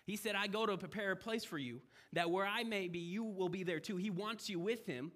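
A young man with a high voice delivers a sermon in a lively, conversational way. He swings from loud, emphatic lines to quiet, hushed asides. He acts out the voices of people in the story as he goes. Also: brisk. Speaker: preacher.

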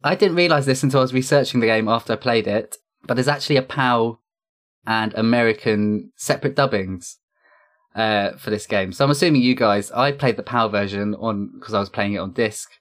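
A man's voice: mid-range voice, brisk, a bit bright. A man hosting a casual podcast chat, reading off facts with lots of fillers. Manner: chatty, lists facts with many fillers. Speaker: podcast host.

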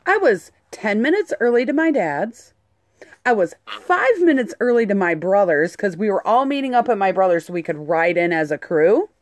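A woman telling a story in casual chat, animated and swearing freely. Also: medium pitch, no echo. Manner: animated, swears a lot, acts out quotes.

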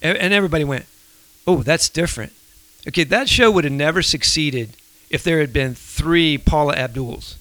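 A man's voice: on the high side, brisk, hardly any pauses, fairly bright tone, no room sound, rough recording. A man co-hosting a casual faith discussion, thinking aloud and explaining his points with everyday examples. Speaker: podcast co-host.

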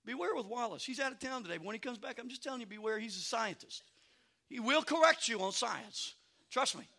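A male pastor preaching a sermon, swinging from hushed, chatty asides to shouted passages and repeating "I'm telling you.". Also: very high voice, lively intonation, fairly quick.

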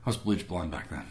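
A man from Guam tells his own story at a brisk, rapid clip, his voice sitting fairly low. He talks casually, leans on "like" and "I was like", and slips into quoted dialogue as he goes. The delivery is personal storytelling rather than a script. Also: a bit bright. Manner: conversational, acts out quoted dialogue, frequent "like" and "I was like". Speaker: speaker sharing a personal testimony.

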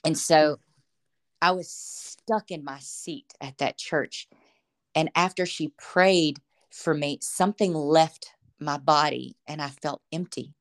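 A woman's voice: low-pitched, slow pace. A woman as a podcast guest, telling her faith testimony in earnest, emotional storytelling. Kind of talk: personal faith testimony in conversation.

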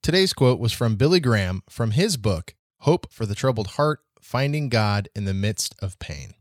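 A man's voice: on the low side, animated, moderate pace, dry recording, studio quality. A man hosting a devotional podcast, speaking in an earnest, encouraging way. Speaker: podcast host.

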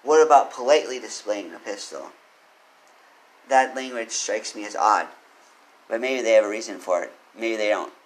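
A man's voice: fairly low pitch, moderate pace, rough recording. Earnest man discussing law. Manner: earnest, opinionated, asks the listener questions. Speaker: commentator reading and discussing legal code. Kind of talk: solo commentary with read-out legal text.

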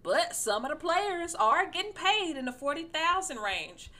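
A woman hosting a podcast in casual sports chat, animated and slangy, with a playfully incredulous manner. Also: very high voice, normal speed. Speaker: podcast host.

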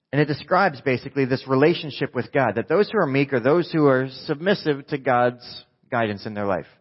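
Joking pastor from new jersey. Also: male voice, mid-range voice, lo-fi sound. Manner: conversational, joking, asks the crowd questions. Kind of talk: sermon.

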